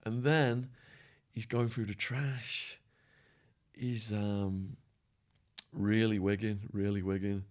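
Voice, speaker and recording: A man guest on a podcast, telling a wild story with lively acted-out quotes, swearing and laughing along the way. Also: fairly low pitch, slow. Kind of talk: animated storytelling.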